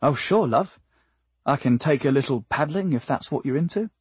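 A man voicing a laid-back, flirtatious male rock singer who talks in an easygoing, coaxing way, with a husky voice in a dry, close recording. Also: mid-range voice, expressive, moderate pace, darkish tone, no echo.

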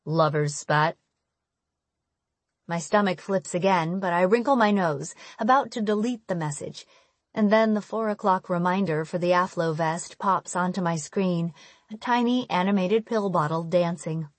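A woman's voice: lowish voice, normal speed, no echo. A young woman giving earnest, slightly exasperated first-person audiobook narration.

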